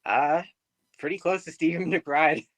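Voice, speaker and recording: A man's voice: fairly high pitch, unhurried, fairly bright tone, no echo, low-quality recording. A young man, a guest on a podcast, talking about himself in an easygoing way and laughing often. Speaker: podcast guest, pro wrestler. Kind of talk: casual interview chat.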